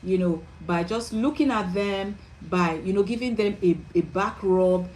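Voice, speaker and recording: A woman's voice: medium pitch, measured pace, darkish tone, slight background noise, rough recording. A middle-aged woman, a parenting coach, giving an earnest and emphatic teaching talk and often checking that listeners follow.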